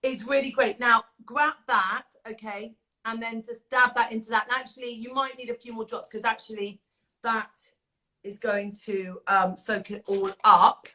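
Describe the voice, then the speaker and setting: A woman with a bright, tense voice and fairly high pitch. She gushes and chats with lots of fillers while walking through a makeup routine, her sound carried over a video call. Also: steady tone, moderate pace, low-quality recording. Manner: effusive, gushing, chatty with many fillers. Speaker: makeup artist and beauty brand founder. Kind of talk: casual chat with makeup demonstration.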